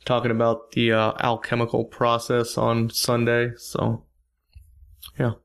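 A man appearing as a podcast guest, chatting in a friendly, relaxed way. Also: mid-range voice, measured pace, vocal fry, clean tone. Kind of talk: casual podcast chat.

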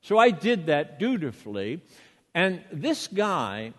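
An older man with a Boston accent preaches a sermon like he's telling a story, leaning on rhetorical questions. His voice sits a bit high and swings widely in pitch. It carries a long reverb from a big church hall. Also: big pitch swings, slow, a bit bright. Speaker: pastor.

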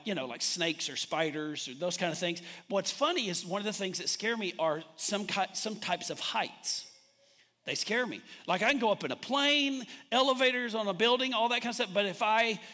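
A man preaching a sermon, animated and repetitive, telling a personal story to his congregation. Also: high-pitched. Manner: animated preaching with repeated phrases and restarts. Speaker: pastor.

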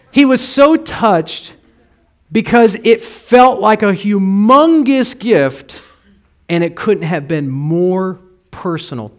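Male pastor, slightly high voice, casual storytelling sermon delivery, soft asides rising to emphatic points. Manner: conversational preaching with personal stories, swings from soft to emphatic.

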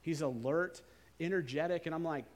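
A man preaching a sermon in a conversational way, slowing down and softening his voice to stress key words. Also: on the high side.

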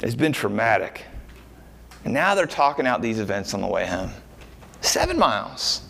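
Man, pastor, sermon, animated pitch, rhetorical questions, conversational preaching. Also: moderate pace, gravelly.

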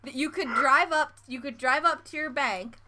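An American woman in casual chat, giggly and lively, acting out little scenes as she tells them. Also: high-pitched, normal speed, background noise. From United States. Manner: bubbly, giggly, acts out little scenes in voices.

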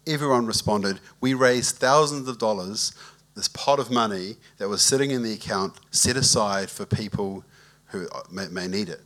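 A man, a pastor giving a conversational sermon that tells a relaxed story and asks the congregation for a show of hands. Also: lowish voice, moderate pace.

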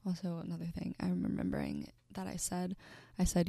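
A young woman in her twenties telling a personal story in an earnest, halting way, with many fillers and restarts, often dropping to a breathy near-whisper. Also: on the low side, wildly swooping pitch, dark tone, no room sound, clean studio sound.

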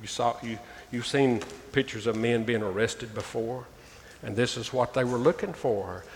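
A man's voice: medium pitch, moderate pace. Man preaching in a reverberant church. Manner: preaching, reading scripture aloud with emphatic rises; addresses listeners as "folks". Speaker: pastor. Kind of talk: sermon. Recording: long reverb, faint ambient noise.

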